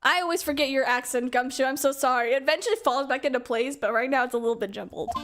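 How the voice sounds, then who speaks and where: A woman's voice: sits high, quick pace, noisy background. A woman streamer chatting casually while playing and reading game dialogue over music. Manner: chatty, giggly, reads dialogue aloud. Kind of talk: casual game playthrough commentary.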